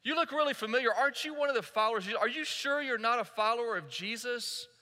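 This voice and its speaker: A preacher playing a suspicious, probing bystander. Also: male voice, very high-pitched, fast talker, pushed and bright, pitched above the performer's own voice. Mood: accusing. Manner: pointed, questioning. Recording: echoey hall.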